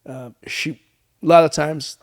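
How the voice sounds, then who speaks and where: Animated man telling stories. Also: a little high, a little slow. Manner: animated storyteller acting out quoted dialogue. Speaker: winemaker guest. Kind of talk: storytelling in casual chat.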